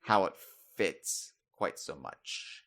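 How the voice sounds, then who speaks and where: A man's voice: low-pitched, lively intonation, slow, a bit bright. A man hosting a podcast, chatting casually and thinking aloud about video games. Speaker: podcast host.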